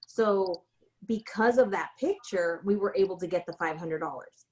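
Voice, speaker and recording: A woman real estate broker talks through a casual tutorial, sharing stories from her work. Her voice sits at an ordinary middle pitch. She rambles in a chatty way, with plenty of fillers and self-corrections. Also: measured pace, poor audio. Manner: chatty, frequent fillers and restarts.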